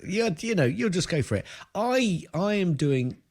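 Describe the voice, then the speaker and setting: A man's voice: sing-song, normal speed, a little mellow. An English man co-hosting a podcast, chatting casually and jokily, telling a rambling story. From England. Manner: jokey, rambling storyteller with wide pitch swings. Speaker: podcast co-host. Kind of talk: casual chat.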